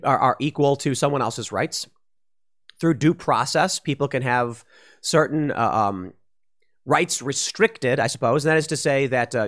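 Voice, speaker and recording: A man's voice: medium pitch, a bit bright. Male commentator, solo opinion talk, argumentative, stumbles and restarts as he reasons. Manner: argumentative, thinking aloud with frequent restarts and stumbles. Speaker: political commentary host.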